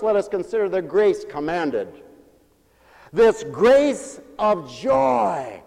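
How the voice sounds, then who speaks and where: A pastor preaches with playful energy, repeating lines and calling for an amen from his congregation. His voice is unusually high for a man and swoops up and down constantly. The sound rings with the long reverb of a big church. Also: slow, vocal fry. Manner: animated, playful, repetitive preaching with call-and-response. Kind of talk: sermon.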